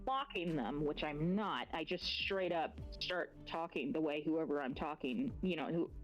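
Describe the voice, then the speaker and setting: A woman who works as a teacher, chatting as a guest in a relaxed, rambling way. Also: low-pitched, a little slow, faint music behind, poor audio. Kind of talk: casual chat.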